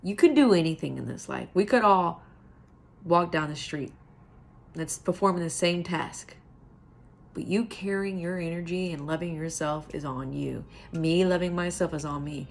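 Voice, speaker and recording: A middle-aged self-help vlogger gives a heartfelt motivational monologue, earnestly repeating phrases for emphasis and sometimes dropping to a soft whisper. Her voice is fairly low and creaky at normal speed, with a little hiss or hum in the audio.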